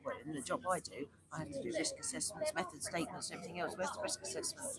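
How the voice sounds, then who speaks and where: A woman talking fast and emphatically, often cutting in with quick agreement. She is recorded on a busy street, and a crowd is clearly audible around her. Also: fairly low pitch, big pitch swings. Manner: emphatic, agreeing, frequent short backchannels. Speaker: interviewee at a protest. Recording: outdoor street with crowd noise.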